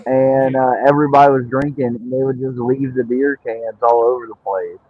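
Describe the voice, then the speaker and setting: A man's voice: mid-range voice, steady tone, normal speed, narrow, tinny audio. A man, a wrestler guest, telling stories in a laid-back way with lots of "like" fillers. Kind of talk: casual storytelling.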